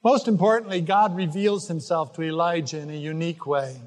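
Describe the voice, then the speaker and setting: A man preaching a sermon, earnest and gently exhorting his listeners. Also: a little high, fairly even intonation, fairly quick, in a large hall. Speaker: pastor.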